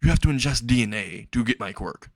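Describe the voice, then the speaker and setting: A man voicing a big, worn-out male hero mentor who gives flat, exasperated orders. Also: mid-range voice, quick pace, no echo, studio quality, lightly acted.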